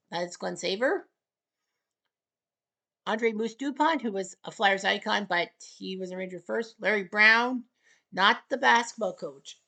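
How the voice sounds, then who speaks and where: A woman giving casual, rambling gameplay commentary, packed with asides and the odd shouted taunt. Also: on the high side. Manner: chatty, rambling asides full of trivia.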